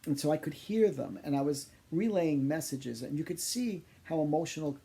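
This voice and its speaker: A man working as a psychic medium, telling funny personal stories in an animated, exaggerating way. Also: a little high, moderate pace, gravelly. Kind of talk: humorous personal storytelling.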